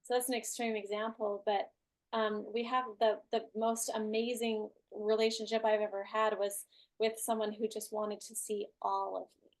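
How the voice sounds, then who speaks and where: A woman's voice: medium pitch, level tone, normal speed. A woman hosting an online group class, talking casually with lots of "like" and "right?". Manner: chatty, many "like" and "right?" fillers. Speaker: class host.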